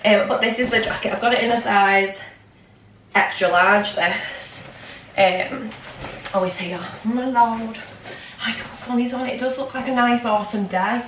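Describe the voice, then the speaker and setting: A woman's voice: a little high, fairly even intonation, a little slow, a bit bright, a little hiss or hum. A young woman chatting in a casual vlog, rambling and scattered with lots of ums, shaky and out of breath. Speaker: vlogger. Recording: echoey room, mic at a distance.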